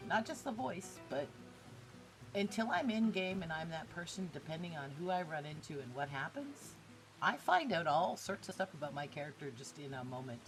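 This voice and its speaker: A woman who streams roleplay, chatting on a podcast in a blunt, animated way and swearing freely. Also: low voice, moderate pace, faint music behind. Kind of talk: casual podcast chat.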